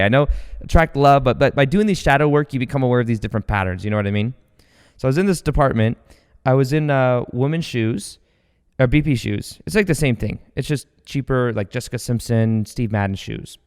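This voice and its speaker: A man hosting a podcast, telling stories in a casual, rambling, energetic way with many fillers and restarts. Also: mid-range voice, smooth. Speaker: podcast host. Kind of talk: casual storytelling monologue. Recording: long hall reverb.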